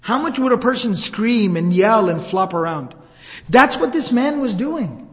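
A male religious teacher tells an old account in a relaxed, conversational way, with a high voice. He paints scenes vividly and speaks to the crowd like friends. A long reverb fills the hall around him. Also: measured pace. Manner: casual, vivid, conversational retelling. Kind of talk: storytelling lecture.

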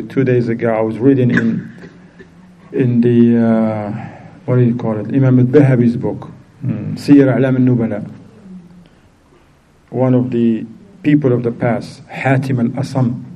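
Animated man telling a moral story. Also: a little hiss or hum, rough recording. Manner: animated storyteller, acts out quoted voices in a raised pitch. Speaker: Islamic teacher. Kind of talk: storytelling lesson.

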